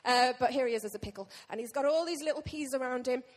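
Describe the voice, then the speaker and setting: A woman pastor preaching a sermon to her church, lively and joking with the congregation. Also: sits high, fast. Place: church hall. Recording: long reverb of a church hall.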